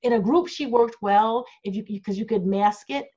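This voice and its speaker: A woman's voice: fairly high pitch, normal speed, mellow, breathy edge. Blunt, outspoken middle-aged woman on a video call. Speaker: group manager answering fan questions. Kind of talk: candid Q&A chat. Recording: dull lo-fi video call audio.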